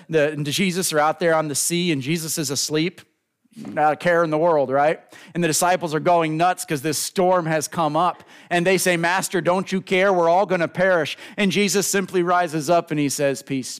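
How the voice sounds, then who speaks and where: A man preaching a sermon, building to emphatic lines and drawing out key words slowly, speaking directly to the congregation. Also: medium pitch. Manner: preaching with rising emphasis and slow drawn-out stresses; addresses the congregation directly as folks. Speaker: pastor.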